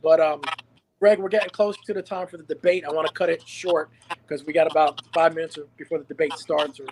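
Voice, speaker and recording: A man's voice: on the high side, fairly even intonation, a little fast, a little mellow, slight background noise. A man hosting a live stream over a video call, mostly giving short agreeing replies and wrapping up the show. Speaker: host.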